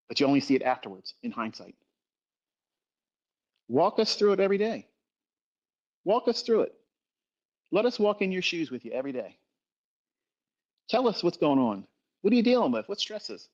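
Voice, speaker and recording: A man's voice: medium pitch, sing-song, quick pace, pauses often, a little mellow, highs cut off. A middle-aged man speaking in an impassioned livestream rant about trading, blunt and emphatic, swearing constantly and repeating himself for force.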